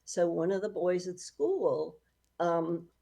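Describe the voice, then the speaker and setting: A middle-aged woman author recounts stories in a relaxed interview. Her voice is dark and mellow, with a gravelly fry and a husky edge, and she breaks into frequent laughter. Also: lowish voice, takes it slowly. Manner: lively storyteller, laughs often. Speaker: author, guest. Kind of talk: casual storytelling interview.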